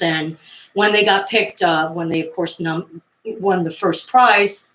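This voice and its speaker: A woman vlogger talks in a relaxed, rambling way, full of fillers and side comments. Her voice sits on the low side, and the room gives it a noticeable echo. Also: unhurried. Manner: chatty and digressive, with frequent fillers and asides. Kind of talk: casual retelling of 1970s pop culture. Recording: roomy echo.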